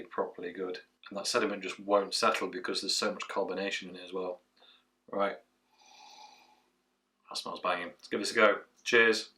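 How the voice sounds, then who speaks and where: A man's voice: on the low side, bright, forceful tone, distant mic. A man giving a chatty, rambling craft beer tasting review. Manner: chatty, rambling, trails off with fillers.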